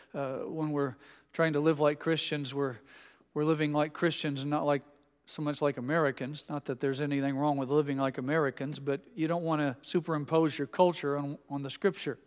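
A man preaching in a church with a clear, resonant voice pitched a little above the usual. He tells stories with gentle humor, and his words ring out with a long hall reverb. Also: little pitch movement, a little fast. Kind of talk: sermon. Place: church sanctuary.

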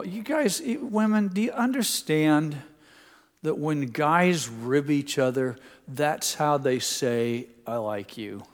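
An older man, a pastor, preaching a sermon in a homespun, teasing way, telling family stories to a congregation. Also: mid-range voice. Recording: long hall reverb.

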